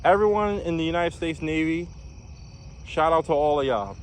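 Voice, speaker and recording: A man's voice: on the high side, moderate pace, a little hiss or hum. A young man from New York, a former navy recruit, telling his story in a casual vlog with lots of fillers and restarts. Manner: rambling, many fillers and restarts.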